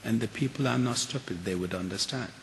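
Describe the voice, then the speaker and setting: An older man giving a keynote talk and answering audience questions, earnest and measured, with frequent restarts. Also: mid-range voice, creaky. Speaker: keynote speaker. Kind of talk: lecture and audience Q&A. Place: large auditorium. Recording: hall reverb with faint hiss.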